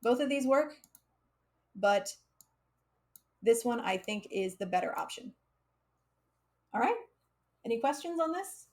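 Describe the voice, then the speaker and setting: American lady teaching sql live, kinda high voice, laughs a lot, says um and like all the time. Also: animated, unhurried, pauses often. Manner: chatty, laughs often, uses fillers like um and like. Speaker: coding instructor streaming live. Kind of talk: casual live coding lesson.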